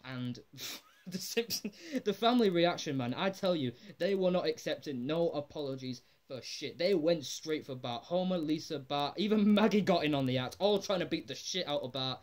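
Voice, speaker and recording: A man giving a casual, rambling spoken recap of a TV episode, excitable, with lots of "like" fillers and casual swearing. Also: a little high, moderate pace. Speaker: episode reviewer.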